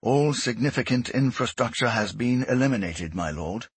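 A man's voice: medium pitch, expressive, normal speed, breathy edge, no room sound. A man voicing a precise, deferential male adjutant who reports formally and matter-of-factly.

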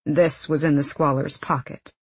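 A cool, commanding young gang leader read by a woman speaks in clipped, measured lines. Her low, husky tone stays close and dry. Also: level tone, no room sound.

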